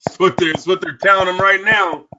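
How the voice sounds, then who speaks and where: A man co-hosting a boxing radio talk show, ranting loudly and swearing often in heated sports talk. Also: high voice, fairly even intonation, a little fast, muffled recording, noisy background. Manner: loud, profane, ranting.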